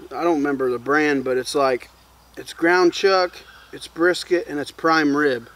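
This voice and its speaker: A fairly high-voiced man with a drawl talks easily to the camera while camping in the woods. His chat is loose and rambling. Crickets and insects chirp behind him outdoors. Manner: relaxed, rambling and chatty. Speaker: bushcraft vlogger. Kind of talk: casual campfire chat to camera.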